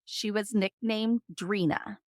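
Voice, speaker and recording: Woman, true crime podcast co-host, reads cases and chats, mid pitch, dry close mic. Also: fairly even intonation, takes it slowly, no room sound. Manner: reads case notes, then chats with emphatic agreement.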